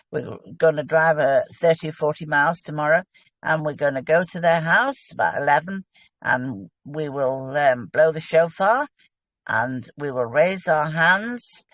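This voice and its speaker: A woman's voice: deep voice, no echo. A woman, a guest in a casual religious discussion, explaining with earnest enthusiasm.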